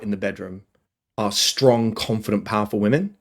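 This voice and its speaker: A man, a dating coach guest on a podcast interview, telling stories with lively, acted-out quotes. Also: fairly low pitch, normal speed. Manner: animated storyteller, acts out quotes in other voices.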